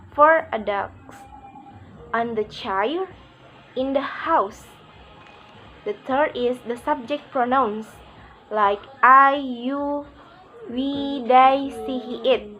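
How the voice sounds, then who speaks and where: A woman reading out a pronunciation lesson, halting and word by word with pauses. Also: high voice, muffled recording, faint music behind.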